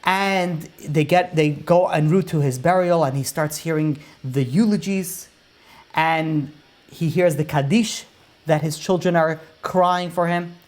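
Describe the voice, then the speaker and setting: A rabbi telling a long religious story in his sermon, swelling his voice and then dropping it low. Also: fairly even intonation, measured pace.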